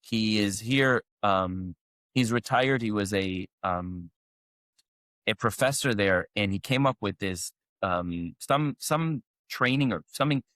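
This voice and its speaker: Slow and lowish with a fairly bright tone, a male co-host chats casually on a podcast recorded dry at studio quality. He tells a rambling story, stumbling through fillers and restarts.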